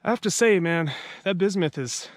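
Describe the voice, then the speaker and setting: A man's voice: sits high, expressive, normal speed, no echo. A man filming a casual duck hunting vlog outdoors by a river, rambling to his viewers, a bit out of breath after a long walk. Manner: chatty, rambling, talks to the viewers as guys. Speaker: duck hunter vlogger.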